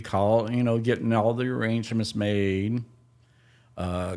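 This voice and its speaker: A man hosting a podcast, telling a personal family story in a slow, halting, tender way. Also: mid-range voice, darkish tone, clean tone. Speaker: podcast host.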